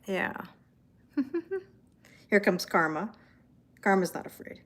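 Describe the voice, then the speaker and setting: A chatty woman hosts a live tarot stream from home, answering viewers' comments in a relaxed, casual way. She keeps breaking off to coax her cats in a soft, high, sing-song voice. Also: a little slow. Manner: coos softly to her cats in a high baby-talk voice. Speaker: tarot reader hosting a livestream.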